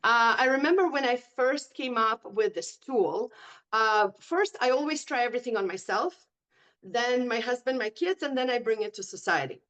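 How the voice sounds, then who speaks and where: A woman's voice: a little high, animated, normal speed, fairly bright tone. Upbeat middle-aged woman telling stories. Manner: storytelling, upbeat and encouraging. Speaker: guest coach. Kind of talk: conversational podcast interview.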